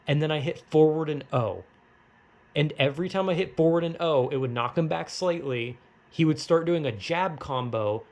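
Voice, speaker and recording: Man, mid-pitched voice, casual gaming vlog, swears a lot, laughs at his own failures. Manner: exasperated, self-mocking, profane storytelling. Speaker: gaming vlogger. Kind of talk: casual rant to camera.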